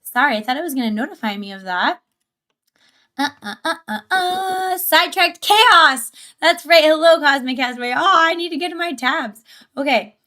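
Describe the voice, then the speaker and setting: A woman's voice: high-pitched, moderate pace, sharp tone. A woman livestreamer chatting casually and getting sidetracked while reacting to a video. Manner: chatty, easily sidetracked, giggly.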